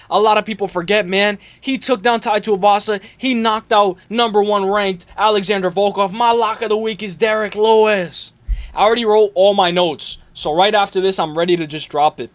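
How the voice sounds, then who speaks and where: A man's voice: sits high, steady tone, moderate pace. A man hosting a casual live stream, rambling and filling his talk with "dude" and "whatever". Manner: rambling, filler-heavy, says dude a lot. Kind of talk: casual live stream chat on fight picks.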